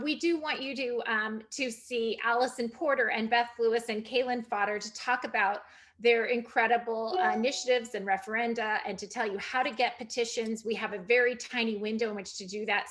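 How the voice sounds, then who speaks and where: Party chair, woman, slightly high voice, wrapping up a video call meeting. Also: steady tone, moderate pace. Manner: warm thanks, chatty with fillers.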